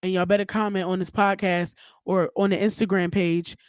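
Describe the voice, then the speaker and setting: A woman's voice: fairly low pitch, level tone, normal speed, darkish tone, no echo. A young woman hosting her own podcast, talking alone in a candid, emphatic way and swearing freely. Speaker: podcast host. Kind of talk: solo podcast monologue.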